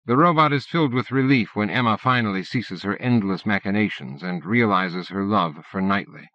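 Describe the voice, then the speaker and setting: A man reading an audiobook in a steady, measured narration. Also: on the low side, no echo. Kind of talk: scripted narration. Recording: dull dry cassette-era audiobook recording.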